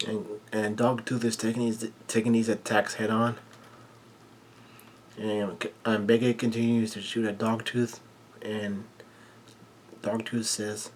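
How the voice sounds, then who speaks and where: A man casually recapping a manga chapter in halting, run-on sentences full of "and" and "uh" fillers. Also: on the low side, flat delivery, a little hiss or hum.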